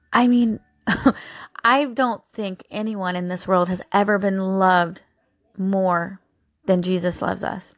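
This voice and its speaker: A woman's voice: medium pitch, dry recording, studio quality. A woman hosting a daily encouragement show, talking casually and with open emotion about her faith, with frequent fillers. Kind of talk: casual devotional talk.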